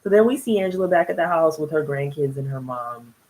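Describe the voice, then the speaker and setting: A woman's voice: low-pitched, animated, fairly quick, darkish tone, low-quality recording. A young woman casually recapping a reality TV episode, chatty and rambling, often laughing between thoughts. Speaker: TV reality show reviewer.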